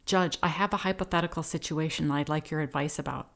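A woman voicing a polite, sweetly persuasive young woman, in her own low voice. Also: fairly even intonation, quick pace, creaky. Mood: sweet coaxing. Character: calm sweet-talking young blonde woman.

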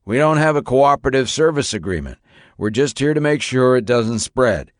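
A man narrates as an older city fire chief who is soft-spoken and sounds apologetic, pitching his voice above his own but keeping it close to everyday speech. The soft voice is medium-pitched with lively intonation at normal speed, recorded in clean studio sound with no echo.

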